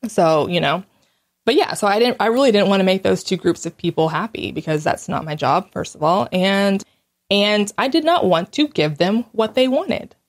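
Speaking at a medium pitch, the host delivers a relaxed monologue on her own. She's frank and animated as she recounts events, often restarting mid-phrase and letting out little laughs.

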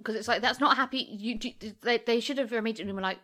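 A woman's voice: on the high side, fast talker, pushed and bright. A woman co-hosting a podcast, chatting about a film with a teasing, giggly manner. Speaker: podcast co-host. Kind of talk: casual film-review chat.

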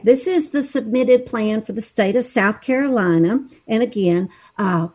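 A woman's voice: medium pitch, a little mellow. A woman guest on a political talk show, explaining education policy in a sarcastic, explaining way over a remote call.

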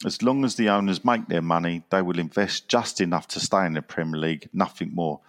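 Deep-voiced man with dry wit. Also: brisk. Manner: dry and wry, laughs at his own jokes. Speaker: podcast host reading listener messages. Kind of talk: casual football podcast chat.

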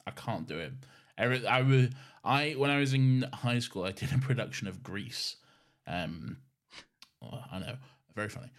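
A man's voice: medium pitch, lively intonation, normal speed. A man co-hosting a podcast in casual chat, rambling and laughing at himself, with the odd swear. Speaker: podcast co-host.

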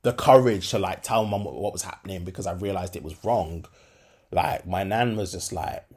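A man's voice: low voice, normal speed, darkish tone, husky. A young adult man, hosting a solo podcast and talking candidly in slangy speech with many fillers. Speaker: podcast host.

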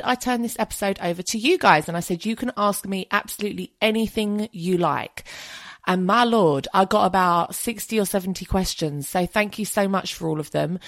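A woman's voice: mid-range voice, no room sound, studio quality. A woman hosting her own podcast in a casual solo chat, frank and chatty, swearing freely. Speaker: podcast host.

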